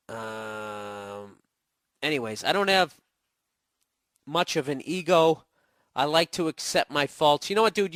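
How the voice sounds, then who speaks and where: A man's voice: mid-range voice, fairly bright tone, dry recording, studio quality. Profane, sarcastic man with a Boston accent. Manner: profane, sarcastic, mocking impressions. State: getting over a cold, voice cracking. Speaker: podcast host answering listener emails. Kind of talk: casual ranting monologue.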